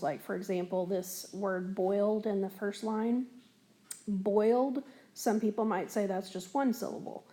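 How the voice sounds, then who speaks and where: Patient woman teaching with a gravelly voice. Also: medium pitch, mellow. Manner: patient, explanatory, many fillers. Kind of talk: recorded whiteboard lesson. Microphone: tablet recording.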